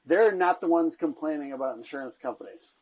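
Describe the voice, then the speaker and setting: A man's voice: fairly high pitch, expressive, fairly quick, a little mellow, muffled recording. A man hosting a podcast in casual chat, rambling with lots of "like" and "you know what I mean". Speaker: podcast host.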